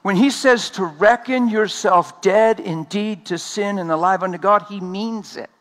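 A man preaching an energetic sermon at a conference, talking fast and laughing along the way. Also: high-pitched.

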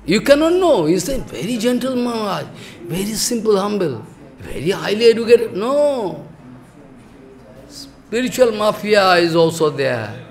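Give me a man, preaching emphatically in a high voice. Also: big pitch swings, a little slow. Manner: scolding, emphatic, mixes laughter and mock dialogue. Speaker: spiritual teacher. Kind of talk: sermon.

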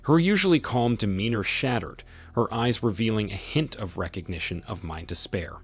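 A man narrating a dramatic first-person story in an expressive storytelling manner. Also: fairly low pitch, normal speed, hardly any pauses, breathy edge. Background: faint music.

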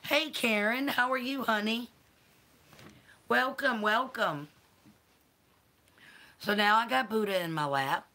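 A woman with a Southern accent who talks slowly on a relaxed livestream. Her voice is bright, and she greets viewers by name and coos to her pets. She sounds a little tired. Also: a little high. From American South. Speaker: livestream host. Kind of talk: casual livestream chat with viewers.

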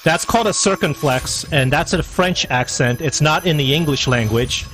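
A man's voice: on the high side, moderate pace, a bit bright, faint music behind. A man narrating as game master at a tabletop game, chatty and rambling, with lots of fillers.

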